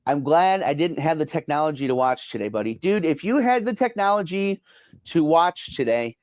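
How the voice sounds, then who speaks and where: This middle-aged man has a slightly high voice with big pitch swings and talks at a normal speed. Solo on a casual sports podcast, he reads viewer comments and rambles with many fillers and repeats, in a dry recording with clean studio sound.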